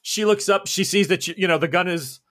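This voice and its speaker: A man's voice: high-pitched, fairly quick, a bit bright. A man running a tabletop horror game as game master, narrating the action with joking asides.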